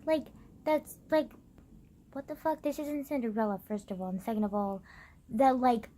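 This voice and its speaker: A young woman with a slightly high voice rants casually to her viewers. She sounds exasperated and sarcastic, packs "like" into nearly every phrase and swears now and then. Sometimes she mimics other people in over-the-top put-on voices. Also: darkish tone. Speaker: vlogger. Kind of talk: casual rant.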